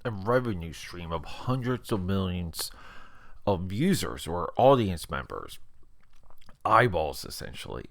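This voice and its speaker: Low-voiced guy rambling about a movie on his podcast, lively ups and downs, dry close sound. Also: unhurried, no room sound. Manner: animated, rambling, repeats words. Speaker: podcast host and film reviewer. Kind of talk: casual podcast movie review.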